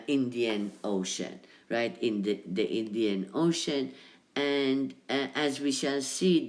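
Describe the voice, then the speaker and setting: A male lecturer talks through a recorded history lesson at a slow, unhurried pace. He hesitates often, filling pauses with ums and tagging his points with a questioning "right?" as he points to the material on screen. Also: medium pitch. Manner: talks over slides or video.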